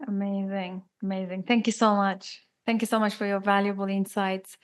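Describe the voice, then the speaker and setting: Woman podcast host, mid pitch, halting, giggly questions. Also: little pitch movement. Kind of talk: interview wrap-up questions.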